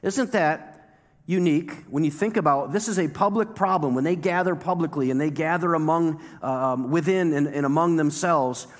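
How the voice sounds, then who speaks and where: A man's voice: on the high side, normal speed. Man preaching in a reverberant hall. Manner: conversational preaching, emphatic repetition. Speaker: pastor. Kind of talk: sermon.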